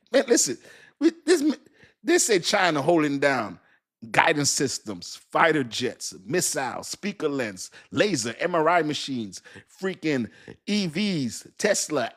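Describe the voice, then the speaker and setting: A middle-aged man talking off the cuff on a livestream, his pitch leaping up and down as he rants. He laughs often and curses freely, mocking a commenter in loose casual chat. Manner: animated, laughing, cursing, mocking. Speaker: crypto livestream host.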